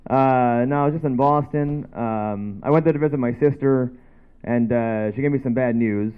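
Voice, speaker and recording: A man's voice: mid-range voice, normal speed, darkish tone, smooth. A man from Canada doing a loose, rambling stand-up set on a dive bar stage, full of offhand asides. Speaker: stand-up comedian. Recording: dull lo-fi bar recording.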